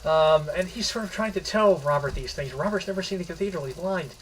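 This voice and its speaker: A man with a somewhat high voice talks through a short story in a loose, casual recap. He stalls and restarts his phrases often, circling back as he explains. Faint background noise sits under his voice. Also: recorded from a distance, poor audio. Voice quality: halting, rambling, restarts mid-phrase.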